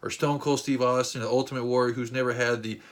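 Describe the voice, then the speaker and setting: A man vlogging a casual, rambling story, excitable, with lots of fillers and restarts. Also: mid-range voice, quick pace. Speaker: vlogger and wrestling fan.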